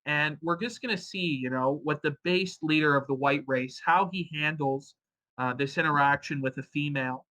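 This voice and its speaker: A man's voice: a little high, moderate pace, sharp tone. A man hosting a stream, giving crude, sarcastic commentary full of swearing. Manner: sarcastic, profane. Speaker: stream host.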